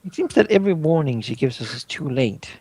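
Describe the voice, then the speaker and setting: A man's voice: a little high, sing-song, fairly quick, darkish tone. A young man playing a tabletop game, chatting in a laid-back, wry way. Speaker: player. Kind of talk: casual tabletop game chat.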